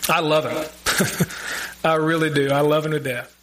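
A man preaching a sermon, earnest and conversational, with emphatic pauses and direct questions to the congregation. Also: fairly high pitch, steady tone, fairly bright tone, poor audio. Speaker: pastor.

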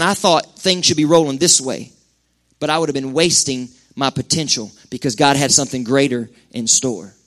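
Impassioned man preaching a sermon. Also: a little high. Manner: impassioned, conversational preaching with sudden loud peaks and hushed drops. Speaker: pastor. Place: church sanctuary.

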